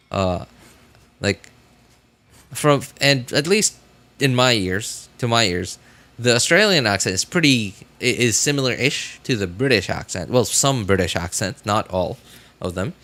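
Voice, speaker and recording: A man's voice: mid-range voice, a bit bright. A man streaming a game, chatting casually and rambling, with many fillers, restarts and self-corrections. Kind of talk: casual live-stream chat.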